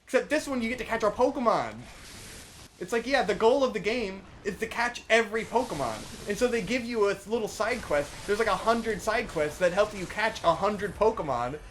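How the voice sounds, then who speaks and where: A young man co-hosting a let's play, giving casual gameplay commentary in a profane, ranting way that swings from mumbling to shouting. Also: sits high, expressive, brisk, a little hiss or hum.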